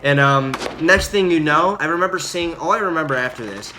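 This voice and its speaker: A young man telling a story about his time as a Marine in a casual, rambling way, full of fillers and loud acted-out quotes. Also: a little high, fairly quick, low-quality recording. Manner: rambling, filler-heavy, acts out quotes loudly. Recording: audible background noise.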